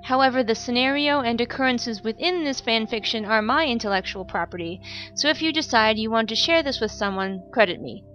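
A woman reading her own fan fiction aloud in a calm, even storytelling voice. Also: fairly high pitch, fairly quick, rough recording. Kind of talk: narrated audiobook-style reading. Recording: music playing behind the voice. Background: background music.

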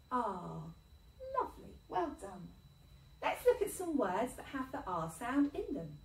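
Slow sing-song woman teacher. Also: fairly high pitch, sing-song, creaky, echoey room, far from the mic, low-quality recording. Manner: sing-song, slow and encouraging, sounding out words. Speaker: infant school teacher. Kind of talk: phonics lesson for young children.

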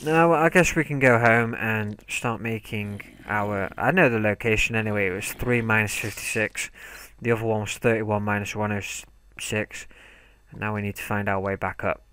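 A man's voice: fairly low pitch, steady tone, moderate pace, a bit bright, a little hiss or hum. A young man giving let's play commentary, talking to himself and yelping when startled. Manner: jumpy, talks to himself, yelps when startled. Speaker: gaming commentator.

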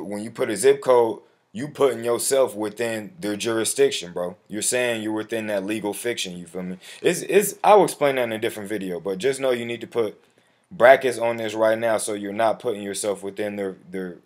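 A man talking casually through a step-by-step online form, calling the viewer bro and swearing now and then, with typing and clicks behind him. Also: on the low side. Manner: slangy, addresses viewer as bro; profane when flustered. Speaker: tutorial host. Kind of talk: casual screen-recorded walkthrough. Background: keyboard typing and mouse clicks.

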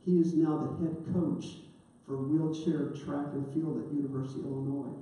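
A woman's voice: sits low, steady tone, moderate pace, mellow. A middle-aged woman, a sport psychologist, earnestly telling a personal story to an audience in a lecture. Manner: earnest, anecdotal, with quoted dialogue. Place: large hall. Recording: echoey hall, distant mic.

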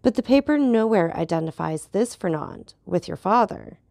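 A woman voicing a calm, ironic male journalist who replies in a deliberate, measured way, with a gravelly voice. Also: mid-range voice, no echo.

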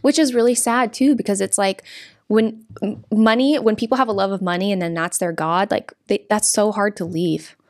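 A woman's voice: mid-range voice, normal speed, no echo, studio quality. A young woman guest from California, speaking earnestly in conversation, often restarting and repeating her words. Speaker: interview guest.

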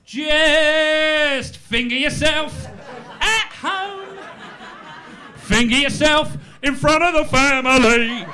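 A man's voice: very high voice, expressive, extremely slow, sharp tone, voice pushed up, exaggerated voice. A man doing a cheeky cockney street kid. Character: cocky street-wise young London pickpocket. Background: audience laughter.

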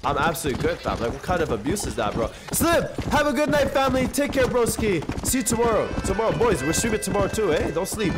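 Young man, game streamer, excitable, wide-ranging pitch, loud then mumbling. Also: fast talker, few pauses, music in the background. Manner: loud, animated, swings from shouting to muttering. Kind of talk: live gameplay commentary.

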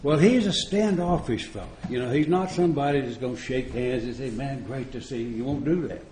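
A man's voice: mid-range voice, fairly quick, noisy background. A man speaking at a recovery retreat, telling stories in a folksy, joking way and chuckling often. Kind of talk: storytelling recovery talk. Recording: echoey room.

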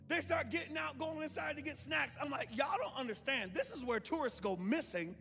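A man preaching a sermon, telling a story and acting out the voices in it, swinging from hushed tones to shouts. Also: extremely high pitch, lively intonation, moderate pace, gravelly. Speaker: pastor. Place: church sanctuary. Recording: long hall reverb with faint music.

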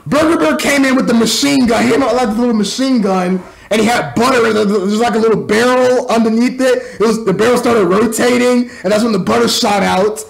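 A man's voice: very high voice, fairly quick, creaky, few pauses. A man casually recapping and reviewing a movie, rambling with stumbling restarts and mocking asides. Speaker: film reviewer.

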